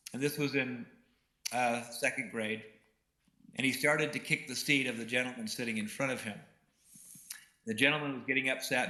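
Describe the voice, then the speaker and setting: Bright-voiced man telling a story in a roomy hall. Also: medium pitch. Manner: earnest, personal storytelling. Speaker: keynote speaker. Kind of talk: storytelling keynote speech.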